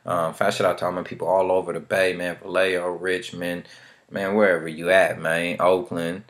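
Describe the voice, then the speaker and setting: A man's voice: deep voice, flat delivery, normal speed. A man from the Bay Area talking through a screen share of a real estate company, full of street slang and motivational asides. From San Francisco Bay Area. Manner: hype, preachy motivational asides. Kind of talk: casual screen-share commentary.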